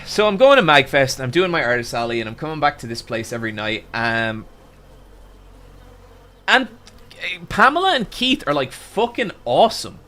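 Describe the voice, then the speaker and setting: A young man telling a long, animated story to his stream chat, swearing often and stumbling over restarts. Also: mid-range voice, normal speed. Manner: animated, swearing, with frequent restarts and "I'm like" quotes.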